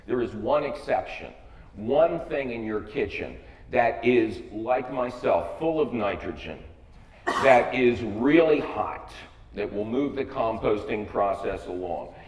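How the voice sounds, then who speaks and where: A man's voice: lowish voice, animated, measured pace, darkish tone, a little hiss or hum. Older american guy cracking dry jokes in a talk, sounds far off in a big echoey hall. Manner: wry, joking, emphatic delivery. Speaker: speaker giving a talk. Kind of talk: humorous public talk.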